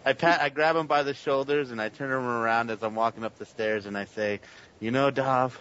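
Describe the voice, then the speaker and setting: A man's voice: mid-range voice, steady tone, a little fast, fairly bright tone. A man playing a tabletop game, with cocky, teasing talk. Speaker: player. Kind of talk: casual tabletop play. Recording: dull lo-fi recording with faint hiss.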